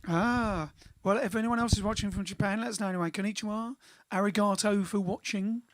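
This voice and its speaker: A man's voice: sits high, fairly even intonation, brisk, dry recording. A man hosting a casual live stream, bantering playfully and making jokes.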